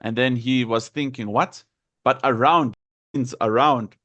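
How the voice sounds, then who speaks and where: A man's voice: medium pitch, steady tone, unhurried, sharp tone, dry recording, lo-fi sound. A man teaching an English vocabulary lesson, patiently repeating words to model their pronunciation.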